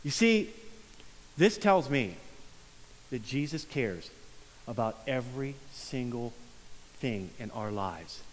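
A man preaching a sermon as a pastor, reading scripture and talking it through earnestly, dropping to a hush for emphasis. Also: medium pitch, expressive, takes it slowly, long pauses, slight background noise. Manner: earnest, conversational preaching with soft hushed emphasis. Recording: long reverb of a large room.

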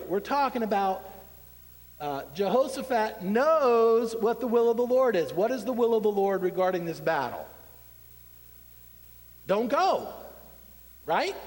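A man's voice: high-pitched, in a large hall. A man preaching a sermon in a conversational, wry way, asking his congregation questions. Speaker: pastor.

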